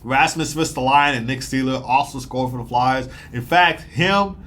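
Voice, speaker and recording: A young man giving a casual, rambling hockey game recap, talking fast with lots of fillers and excited bursts. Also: mid-range voice. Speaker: sports commentator.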